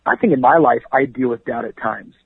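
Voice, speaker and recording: A male pastor and author speaking as an interview guest in an energetic, preachy manner, often adding 'you know what I mean'. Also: medium pitch, brisk, breathy edge, no echo. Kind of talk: conversational radio interview. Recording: dry, tinny phone line.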